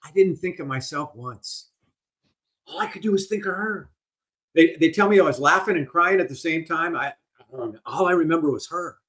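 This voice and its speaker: An older man with a fairly high voice tells his stories with real animation. He leans into every vivid detail, the way a guest does in a lively podcast interview. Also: moderate pace. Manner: animated storyteller, vivid delivery. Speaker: guest speaker.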